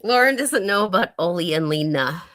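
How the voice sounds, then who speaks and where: Woman, chatty livestream guest, animated intonation, teasing. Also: on the low side, brisk. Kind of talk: casual livestream chat.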